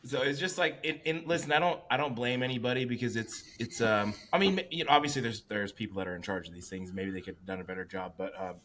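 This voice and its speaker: A man co-hosting a casual podcast tells stories in a loose, profane, animated way. He quotes other people with lively shifts in his voice. A faint noise sits under the recording. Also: mid-range voice, fast, hardly any pauses. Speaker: competing bodybuilder and podcast co-host.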